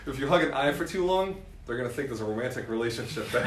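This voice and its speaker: A man giving a live seminar as a real estate mentor, lively and laughing often, tagging points with "right?". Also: medium pitch, a little fast, reverberant. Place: room with a live audience.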